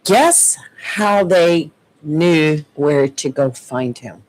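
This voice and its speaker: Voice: medium pitch, expressive, drawn-out words, rough recording. A radio co-host reading the weather and local news and chatting with the host. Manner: chatty, amused storyteller.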